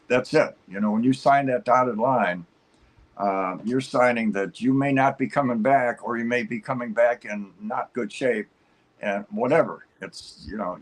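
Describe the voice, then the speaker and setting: A man's voice: medium pitch, low-quality recording. A man guest on a talk show, telling a long personal story in an upbeat, rambling way, full of fillers and restarts.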